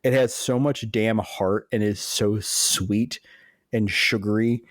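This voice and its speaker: A man's voice: on the low side, fairly even intonation, slow pace, no room sound, clean studio sound. A man co-hosting a podcast, chatting casually in an upbeat way and laughing easily. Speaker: podcast co-host. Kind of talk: casual chat.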